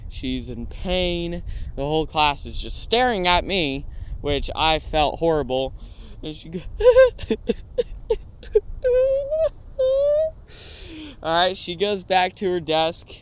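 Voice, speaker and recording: A man telling funny childhood stories in a casual, lively way, often checking in with "right?" and "all right?". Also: fairly high pitch, clear, resonant tone. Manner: lively anecdotes with frequent "all right?" and "right?" tags. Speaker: storytelling channel host. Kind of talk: casual storytelling.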